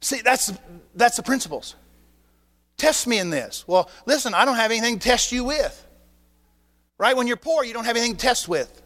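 Pastor, male, high voice, animated sermon delivery with acted-out exchanges, church hall reverb. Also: moderate pace, pauses often. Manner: animated preaching with acted dialogue and rhetorical questions. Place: church sanctuary.

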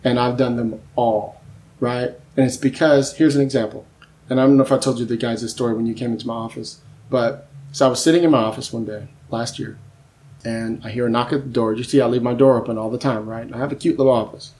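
Male screenwriter, podcast guest, mid-pitched, chatty animated storyteller who acts out his anecdotes. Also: fast. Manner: lively storyteller who acts out quoted voices; keeps asking "you know what I mean?". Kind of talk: casual podcast conversation.

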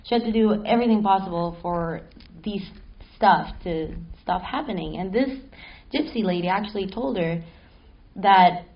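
Animated woman telling a spooky story. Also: mid-range voice, moderate pace, muffled recording. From Mexico City. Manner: animated, laughing, swears casually. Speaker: panel guest. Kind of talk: live panel storytelling. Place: stage at a film festival panel.

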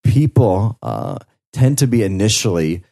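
A man from the Chicago area, a guest on a podcast, chatting casually with relaxed, matter-of-fact answers. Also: on the low side, measured pace, gravelly. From United States, Chicago area.

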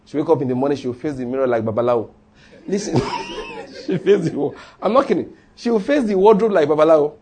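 A man's voice: on the high side, animated, fast talker, background noise. A man preaching a sermon in a church, humorous and conversational, leading the congregation in call-and-response. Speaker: pastor.

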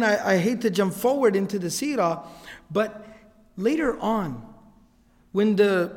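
A man telling a religious story as a lecture, acting out the quoted speech and dropping in Arabic phrases. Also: high-pitched. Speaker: Islamic lecturer. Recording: long hall reverb.

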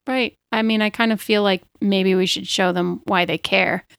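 A woman's voice: medium pitch, steady tone, normal speed, vocal fry, fairly bright tone, clean tone, no room sound, clean studio sound. A woman hosting and playing an improvised tabletop role-play game, chatting with giggles and hesitant restarts. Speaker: podcast host and player.

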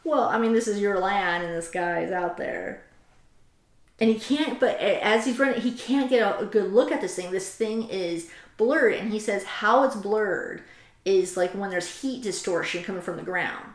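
A woman's voice: medium pitch, normal speed. A woman hosting a casual chat, animatedly retelling a story and reading quotes aloud from a book. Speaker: host. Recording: roomy echo.

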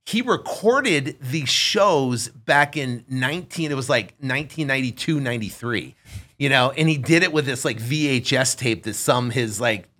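An animated man telling a story in a casual interview, and his voice has a bright, forward ring. He keeps the tone conversational and acts out the quotes as he goes. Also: medium pitch, normal speed. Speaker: real estate investor guest.

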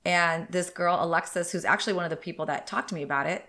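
A fast-talking woman in her thirties runs a solo podcast in a lowish voice with a sharp tone. She chats candidly, wanders from point to point, and sounds slightly congested.

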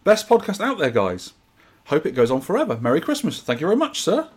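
A man's voice: on the high side, huge pitch swings, fairly quick, breathy edge. A man co-hosting a podcast in casual, jokey chat, reading listener messages aloud. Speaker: podcast co-host.

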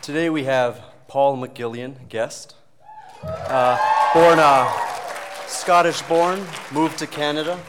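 A man introducing a guest on a convention panel, halting with fillers. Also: on the high side, fairly even intonation, crowd noise. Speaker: panel host. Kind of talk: live introduction. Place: convention hall. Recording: noisy crowded convention hall.

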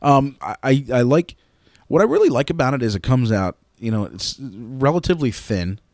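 A man co-hosting a podcast, chatting casually and often pausing to search for his words, recorded indoors. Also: mid-range voice, sing-song, darkish tone, dry recording, studio quality. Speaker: podcast co-host. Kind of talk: casual chat. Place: indoor room.

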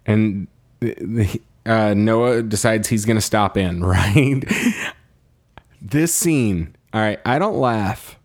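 A man co-hosting a film review podcast, chatting casually, laughing often and putting on high voices for characters. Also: takes it slowly, a little mellow. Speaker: podcast co-host.

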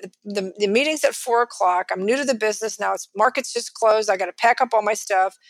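A middle-aged financial advisor with a Texan accent, telling stories lively in an interview and acting out the people she quotes. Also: mid-range voice, brisk, no room sound. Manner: animated, acts out quotes of others. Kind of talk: storytelling in a podcast interview.

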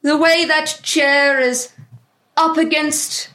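A woman's voice: high voice, fairly even intonation, takes it slowly, sharp tone, full character voice. Woman doing a snooty witchy fortune-teller. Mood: pompous. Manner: haughty, theatrical, giggly. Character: snooty fortune-telling female would-be writer with a witchy cackle.

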